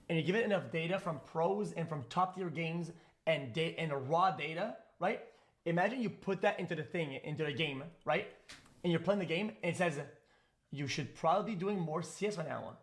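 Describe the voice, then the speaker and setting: A man's voice: fairly high pitch, moderate pace. A man streaming and ranting to his chat in a casual, profane, rambling way.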